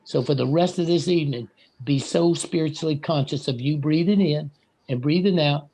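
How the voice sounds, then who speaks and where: A man giving a slow, earnest and blunt spiritual talk. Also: fairly high pitch, dark tone. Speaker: guest speaker.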